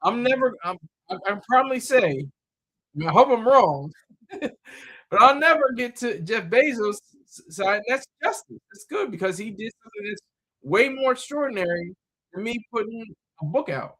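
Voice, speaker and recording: High-pitched guy rambling off the cuff, repeats himself a lot. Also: lively intonation, normal speed, a bit bright. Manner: rambling, repeats words, many fillers and restarts. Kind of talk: casual rambling monologue.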